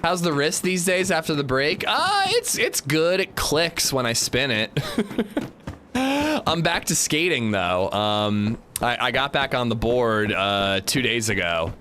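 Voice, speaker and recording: Chatty, lively male game streamer. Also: medium pitch, measured pace, a little hiss or hum. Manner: chatty, greets chat by name, jokey. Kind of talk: casual livestream chat.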